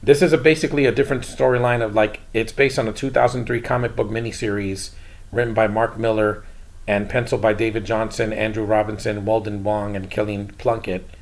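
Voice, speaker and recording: Male vlogger, slightly low voice, loose rambling delivery, frank opinions. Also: flat delivery, brisk. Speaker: YouTube movie reviewer. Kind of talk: casual solo review.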